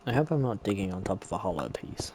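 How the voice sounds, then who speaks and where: This gameplay streamer talks fast to himself during play, his low voice swinging widely in pitch with a slightly mellow quality. The commentary is casual and chatty, with a little background noise.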